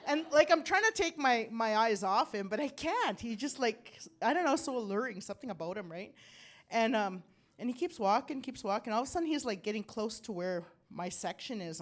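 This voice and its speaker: Brief: older woman comic, higher-pitched voice, rambling self-mocking stand-up, coughing, handheld mic on stage. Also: very animated, fairly quick. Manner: rambling, self-deprecating, laughs at own jokes. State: coughing from bronchitis. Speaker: stand-up comedian. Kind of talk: stand-up comedy set. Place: comedy club stage.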